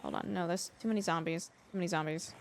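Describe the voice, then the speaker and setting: A woman's voice: fairly low pitch, fairly even intonation, quick pace, a little hiss or hum. A woman chatting through a live game stream, rambling and gushing with lots of filler words. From Canada. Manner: gushing, effusive toward viewers. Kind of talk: live gameplay commentary.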